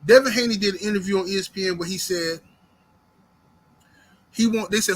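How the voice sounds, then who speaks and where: A man's voice: sits high, expressive, quick pace, sharp tone. A man hosting boxing commentary, talking in a profane, fired-up rant full of rhetorical questions.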